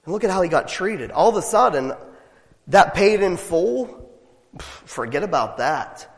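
Male pastor, animated sermon delivery, fairly high voice, long echoing hall. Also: a little slow. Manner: animated, emphatic preaching with rhetorical questions.

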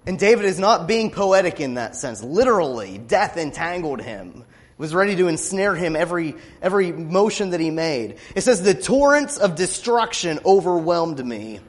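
A man preaching with a fairly high, wildly swinging voice, surging from quiet asides to ringing proclamations. The sound carries a long reverb from a large hall. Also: expressive, moderate pace. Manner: passionate, rising to loud declamation when reading scripture. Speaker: pastor. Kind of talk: sermon.

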